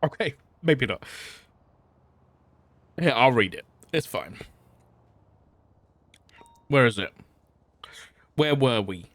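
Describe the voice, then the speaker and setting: A man's voice: mid-range voice, expressive, slow pace, pauses often, a bit bright, no room sound. Man reading a story aloud, dry sound. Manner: reads aloud with frequent stumbles, restarts and side remarks. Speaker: streamer.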